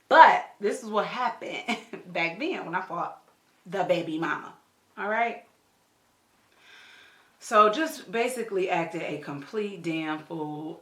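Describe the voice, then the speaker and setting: A woman's voice: lowish voice, a bit bright. Emphatic, slangy woman in her thirties telling a story. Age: 30s. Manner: emphatic storyteller, tags lines with "okay?"; blunt, salty slang and swearing. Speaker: beauty vlogger. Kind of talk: storytime chat while doing makeup. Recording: roomy echo.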